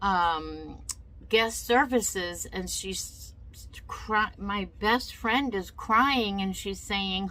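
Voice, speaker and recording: Slow, bright-voiced woman telling a story. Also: medium pitch, poor audio. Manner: emotional, indignant retelling with repeated words. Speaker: vlogger. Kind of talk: casual storytime vlog.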